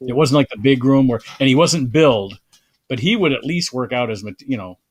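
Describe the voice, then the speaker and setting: A man's voice: mid-range voice, brisk, slightly rough, no echo. A male host chatting casually, backing up his guest and steering the conversation. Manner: eager, affirming, steers the talk. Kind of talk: casual chat.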